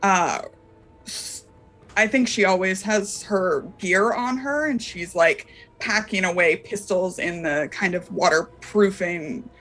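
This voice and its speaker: A woman player talks very slowly, weighing each step her character takes and filling the gaps with pauses. Faint music plays behind her. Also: on the low side, a bit bright. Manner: slow and thoughtful, with many fillers. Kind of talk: describing her character's actions in a tabletop game. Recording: light background music.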